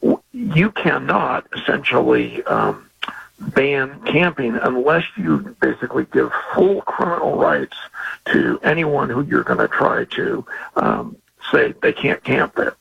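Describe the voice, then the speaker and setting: A man who is a former district attorney, explaining a legal case on a radio show in a measured way. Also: medium pitch, huge pitch swings, creaky, a bit bright, husky, muffled recording.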